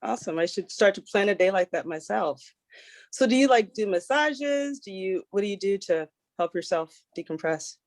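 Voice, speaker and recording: A woman's voice: medium pitch, expressive, normal speed, no room sound. A woman chatting in a practice referral call, friendly and chatty with lots of fillers. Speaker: networking group member.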